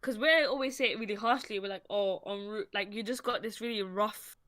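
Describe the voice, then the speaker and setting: A woman with a London accent, co-hosting a casual podcast in a lively, chatty way. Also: medium pitch, fast, no echo. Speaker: podcast co-host. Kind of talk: casual chat.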